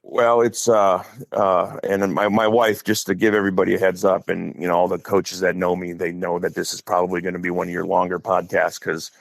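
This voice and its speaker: A middle-aged man from Wisconsin with a low, gravelly voice, talking on a podcast as a guest coach. He tells long, chatty stories and slips into voices for the people in them. The sound is close and dry. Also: little pitch movement, brisk, few pauses, dry recording. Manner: talkative, acts out quotes in stories. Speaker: high school head football coach, podcast guest. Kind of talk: casual storytelling.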